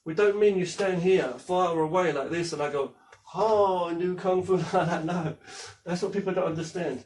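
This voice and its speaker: A man's voice: a little high, moderate pace, a little mellow, a little hiss or hum. A man teaching martial arts in a rambling, casual way, demonstrating moves as he talks and swearing freely. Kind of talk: casual spoken lesson. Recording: voice from a distance from the mic.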